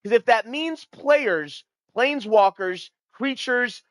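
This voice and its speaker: A man's voice: very high-pitched, slow, no room sound. Hyped, swearing male streamer. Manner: animated, hyped and profane, talking to chat. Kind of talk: casual card-game commentary.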